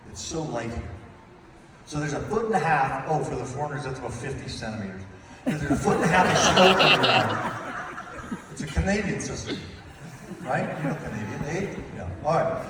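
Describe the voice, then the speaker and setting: Dad in his 50s teasing through a wedding toast, slightly high voice, big echoey hall, far off mic. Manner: playful, teasing, acts out voices. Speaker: father of the bride giving a toast. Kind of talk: comic wedding speech storytelling. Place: large wedding reception hall. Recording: echoey hall, distant mic, room noise.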